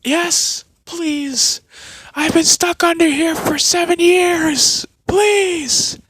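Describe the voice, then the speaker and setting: A man voicing a young boy trapped under rubble, shouting frantically for help. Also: very high voice, steady tone, extremely slow, a little hiss or hum, voice pushed up, full character voice. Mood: pleading.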